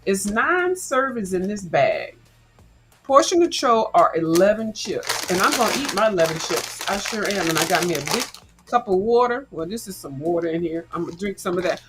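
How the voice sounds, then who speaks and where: Woman host, mid-range voice, loud crunchy snacking chat, teasing and foul-mouthed. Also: mid-range voice, lively intonation, normal speed, faint music behind, poor audio. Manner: sassy, blunt, cusses freely, chews loudly into the mic. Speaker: livestream host. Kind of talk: casual chat while snacking.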